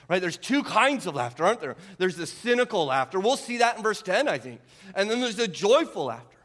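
Animated preacher in a reverberant hall. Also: male voice, high voice, brisk. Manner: animated, rhetorical tag questions. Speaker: pastor. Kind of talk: sermon.

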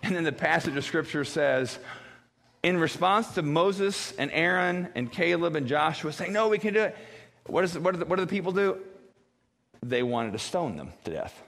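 A pastor preaching a sermon, acting out quoted voices in a high wail and a grave low tone. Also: male voice, lively intonation, moderate pace, vocal fry, fairly bright tone. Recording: long reverb of a church hall.

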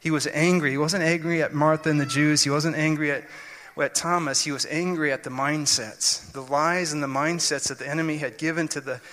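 Guy preaching a sermon, earnest, keeps restarting his sentences, bright sharp voice, big echoey hall. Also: on the high side, fairly even intonation, brisk. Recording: long hall reverb.

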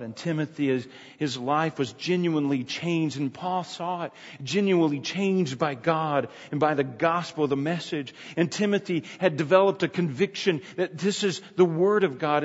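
Husky-voiced preacher in a reverberant hall. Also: male voice, a little high. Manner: emphatic, repeats key phrases, frequent restarts. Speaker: pastor. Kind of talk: expository sermon. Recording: dull sound with long hall reverb.

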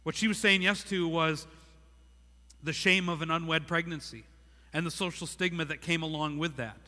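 A man's voice: a little high, steady tone, normal speed, bright, forceful tone. A man in his thirties preaching a sermon, earnest and repeating words, acting out the thoughts of the figures he reads about. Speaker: pastor. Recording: long hall reverb.

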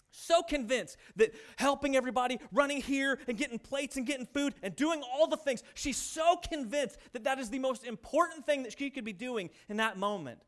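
A middle-aged man delivers a sermon to his congregation. His voice sits high for a man. He keeps it conversational and animated, acting out the voices in his stories. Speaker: pastor.

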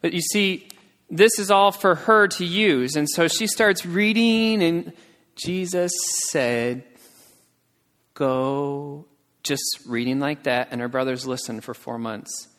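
A man's voice: lively intonation, normal speed, a bit bright. Storytelling man in a reverberant hall. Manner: emotional storytelling, acts out quotes with raised pitch. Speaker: missionary speaker. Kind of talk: sermon storytelling. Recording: long reverb of a large hall.

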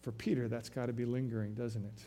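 A man preaching a sermon, telling a story in an animated way that swings from loud to soft. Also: medium pitch, fast, slight background noise. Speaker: pastor.

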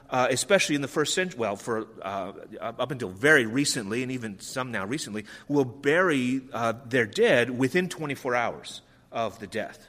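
A man's voice: medium pitch, a bit bright. A middle-aged man preaching a sermon as pastor, conversational with frequent ums, acting out quoted lines. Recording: long reverb of a large hall.

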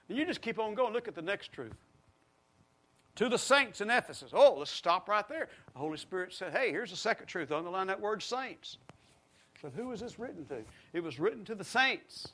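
A man's voice: sits high, bright, forceful tone. A middle-aged man preaching a sermon, leading the congregation in call-and-response. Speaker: pastor.

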